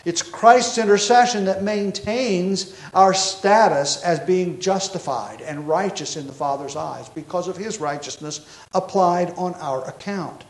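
A man's voice: sits high, unhurried. A man pastor preaching an expository sermon, emphatic and explanatory, with frequent self-corrections. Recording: echoey room.

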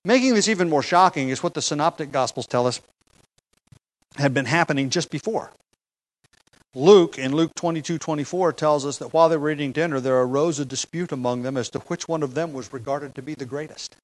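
A man's voice: on the high side, a little fast, rough recording. A man preaching an expository sermon, explaining a text with emphasis, occasional fillers and light chuckles.

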